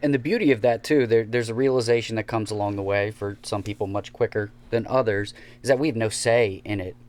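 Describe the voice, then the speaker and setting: A man's voice: lowish voice, a little fast, a little mellow. A man co-hosting a podcast, speaking reflectively about recovery and correcting his own wording. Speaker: podcast co-host. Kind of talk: casual recovery talk.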